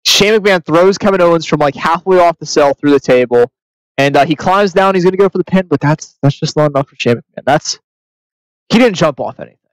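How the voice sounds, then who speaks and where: Excitable swearing young man on a podcast. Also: a little high, brisk, dry recording, rough recording. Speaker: podcast co-host. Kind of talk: casual chat.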